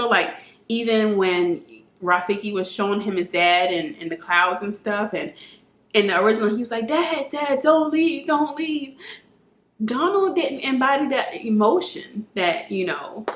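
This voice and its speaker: A woman with a medium-pitched, fairly bright voice casually reviews a film on camera at home. She's earnest and uses many fillers. The recording comes from the camera mic and has an echoey room sound.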